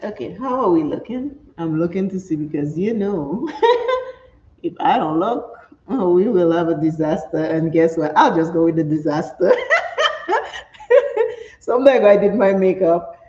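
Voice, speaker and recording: A middle-aged woman, chatting and telling stories while doing her makeup, animated and laughing often. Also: on the low side, moderate pace. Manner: animated, laughs often, acts out quoted speech. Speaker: makeup vlogger. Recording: roomy, slightly dull home recording.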